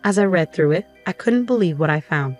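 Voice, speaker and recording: Woman telling a first person story, kinda low voice, steady and earnest, faint music in the back. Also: fairly quick. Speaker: narrator.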